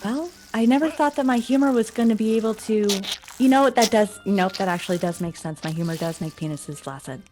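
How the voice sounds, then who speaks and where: A woman playing a tabletop game with friends, talking in an animated way and often laughing. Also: medium pitch, a little fast, hardly any pauses, noisy background. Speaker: player. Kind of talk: casual improvised role-play.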